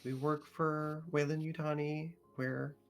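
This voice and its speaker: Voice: mid-range voice, level tone, unhurried, faint music behind. A player talking casually during a tabletop game, somewhat hesitant.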